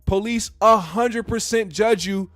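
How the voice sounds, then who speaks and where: A man's voice: high-pitched, a little slow, a bit bright, dry recording, clean studio sound, soft background music. A male podcast host ranting in a blunt, profane, heated way. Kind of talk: casual opinion rant.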